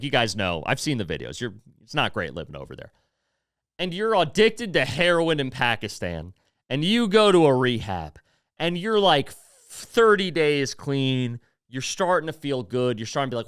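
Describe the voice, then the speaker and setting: A man's voice: medium pitch, a bit bright, no echo, studio quality. A man hosting a podcast, ranting in a heated, profane, blunt way and breaking off now and then to apologize. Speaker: podcast host. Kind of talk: casual opinion rant.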